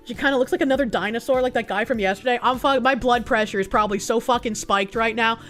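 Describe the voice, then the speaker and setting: A woman's voice: sits high, quick pace, hardly any pauses, soft background music. A young woman streamer ranting angrily and profanely in casual livestream commentary, tired and worked up.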